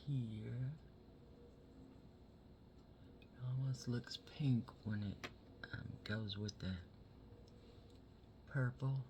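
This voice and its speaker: A man talks to his viewers at an unhurried pace as he does his makeup, loose and full of swearing. He drops to a near-whisper while he blends. A steady hiss of background noise sits under his voice. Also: mid-range voice. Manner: chatty and profane, talks straight to viewers. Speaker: makeup vlogger. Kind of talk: casual chat while doing makeup.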